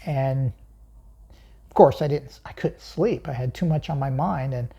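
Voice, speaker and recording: A woman's voice: very deep voice, a little slow, mellow, slightly rough. A woman hosting her own channel, telling a personal story in an emphatic way, chuckling often and asking herself questions.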